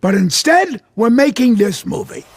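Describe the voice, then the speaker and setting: A wry old male sage from a film, high and gravelly, breathy raspy tone, slow drawn-out lines. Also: very animated, dry recording, studio quality, full character voice.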